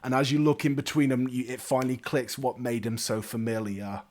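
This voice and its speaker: A man's voice: mid-range voice, little pitch movement, fairly quick, darkish tone, slight background noise. A man narrating a tabletop game as game master in a casual, stumbling way.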